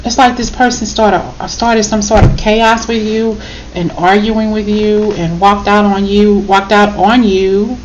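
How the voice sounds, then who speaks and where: A woman's voice: mid-range voice, a little mellow, dull audio, a little hiss or hum. Blunt, emotional woman tarot reader. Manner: emotional, blunt, peppered with "okay?" and swearing. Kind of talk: casual spoken tarot reading.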